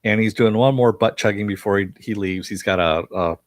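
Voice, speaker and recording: A man's voice: lowish voice, fairly quick, dry recording. A man casually recapping a TV episode for viewers, rambling with frequent fillers and chuckles. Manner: reads viewer chat aloud. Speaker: TV episode reviewer.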